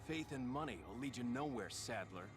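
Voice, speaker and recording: A man's voice: medium pitch, expressive, moderate pace, natural voice. An actor playing a tough young male agent in a video game, terse and dry. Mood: defiant. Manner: terse, sardonic. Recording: game audio over music.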